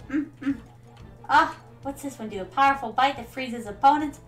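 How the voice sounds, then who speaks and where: A woman's voice: sits high, moderate pace, a bit bright, soft background music, low-quality recording. A woman streaming a video game, chatting casually and playfully, often calling her viewers "my darlings.". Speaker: VTuber streamer. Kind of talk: casual gameplay commentary.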